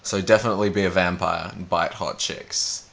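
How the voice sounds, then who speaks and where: Deep gravelly Australian man. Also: steady tone, moderate pace, a bit bright. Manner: offhand, rambling, dry humor. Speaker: vlogger. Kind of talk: casual answers to a video challenge.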